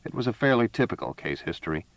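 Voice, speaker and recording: A man reading a science fiction story as narrator, measured and steady. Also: mid-range voice, dry recording, poor audio. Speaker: audiobook narrator. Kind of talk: scripted narration.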